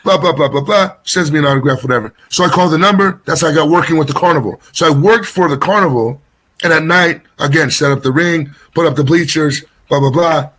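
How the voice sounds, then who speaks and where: Male interview guest with a husky voice: chatty storyteller who keeps getting sidetracked. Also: on the high side, fairly bright tone. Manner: rambling, sidetracked, fast bursts with restarts. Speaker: wrestler guest.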